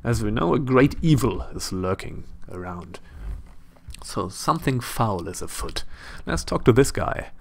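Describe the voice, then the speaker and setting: A man's voice: on the low side, animated, unhurried, vocal fry, a little mellow. A man with a German accent giving chatty, casual gameplay commentary as he plays, thinking aloud and adding self-deprecating asides. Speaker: let's play host.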